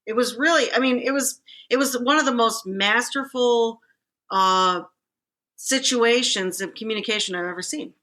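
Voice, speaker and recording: A woman with a fairly high voice, speaking at a normal pace, co-hosts a relaxed podcast conversation. She tells stories full of fillers and animatedly acts out the quotes.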